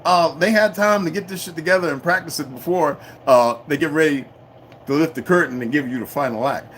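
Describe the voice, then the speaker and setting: A man's voice: a little high, brisk, fairly bright tone, slight background noise. A middle-aged man hosting a casual livestream, rambling and swearing freely, laughing often and talking back to his chat. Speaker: livestream host.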